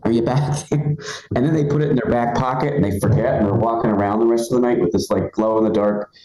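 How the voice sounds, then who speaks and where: A man's voice: medium pitch, fairly even intonation, fast, dark tone, echoey room, poor audio. A man in his forties doing a live stand-up set, chatty and rambling, full of fillers and restarts. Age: 40s. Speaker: stand-up comedian. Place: comedy club stage.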